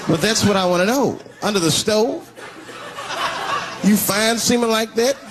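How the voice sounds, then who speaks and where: A male stand-up comedian tells stories on a club stage, throwing his voice around as he acts out characters. His voice sits high and swings widely. A loud crowd and heavy room noise surround him. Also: a little slow. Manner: animated storytelling, acting out characters with big voice swings. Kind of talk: stand-up set. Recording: live club set with loud crowd laughter.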